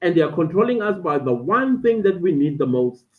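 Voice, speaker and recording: A woman's voice: on the low side, big pitch swings, fairly quick. A woman with a South African accent hosts a casual live stream, talking animatedly to her viewers and reading out chat comments from indoors. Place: friend's indoor den at home. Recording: tinny, phone-like stream audio.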